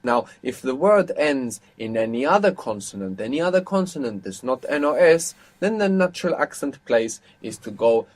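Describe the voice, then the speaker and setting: A man teaching Spanish in a live online lesson, explaining patiently and slowing down to dictate phrases. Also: medium pitch, very animated. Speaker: Spanish tutor.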